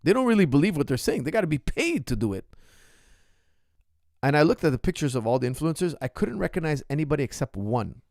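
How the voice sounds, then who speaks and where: Heated, indignant male coach with lively pitch. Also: fast talker, no echo, studio quality. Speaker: MMA coach and podcast host. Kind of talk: casual Q&A podcast rant.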